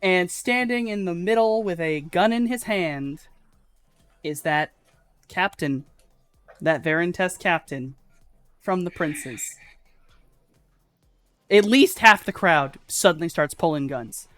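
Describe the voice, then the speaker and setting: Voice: mid-range voice, slow pace, long pauses, a bit bright, clear, resonant tone, no room sound, soft background music. A game master narrating a live tabletop game in a casual, swearing, filler-heavy way.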